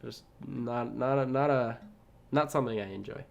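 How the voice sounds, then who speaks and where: A man's voice: medium pitch, normal speed, vocal fry, darkish tone, muffled recording. Young man telling a rambling story. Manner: rambling, swears often, laughs at himself. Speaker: podcast co-host. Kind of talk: casual chat, storytelling.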